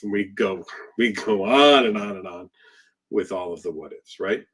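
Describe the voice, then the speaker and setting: Husky-voiced male therapist talking frankly. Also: fairly low pitch, moderate pace, a bit bright. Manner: emphatic, conversational, rhetorical questions. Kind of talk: live Q&A talk.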